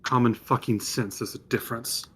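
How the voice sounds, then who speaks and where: A man's voice: mid-range voice, steady tone, normal speed, a bit bright, breathy edge. A man voicing a hardened woman prisoner in a tabletop game, talking bluntly and swearing. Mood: defiant. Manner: blunt, profane and defiant.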